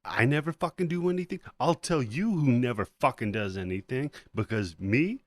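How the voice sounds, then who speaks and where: A man's voice: mid-range voice, expressive, moderate pace, natural voice. A man playing a lazy, self-pitying middle-aged dad who rants in an indignant, whiny way.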